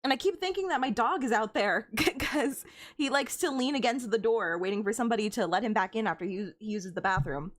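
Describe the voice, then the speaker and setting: A woman's voice: on the high side, a little fast. A young woman streaming a game, chatting casually with frequent giggles and stammered restarts. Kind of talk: casual chat while gaming.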